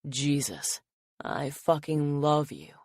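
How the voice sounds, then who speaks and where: A woman voicing a protective, possessive young man who curses casually and grumbles low. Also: very animated, slow, darkish tone, no room sound, clean studio sound, full character voice. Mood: tender. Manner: gruff, curses casually, drops his voice low.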